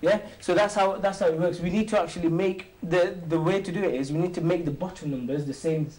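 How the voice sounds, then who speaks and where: A man hosting and teaching an informal maths lesson, quizzing a few students with quick questions and joking as he goes. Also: high-pitched, fairly even intonation, darkish tone, low-quality recording. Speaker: maths teacher and show host.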